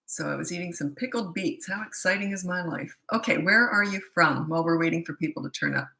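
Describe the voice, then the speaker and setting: A woman's voice: fairly low pitch, quick pace, vocal fry, bright, forceful tone. A middle-aged woman from Canada, a tired parenting coach chatting casually with viewers on a livestream and reading out their comments. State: tired, low energy. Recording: echoey room.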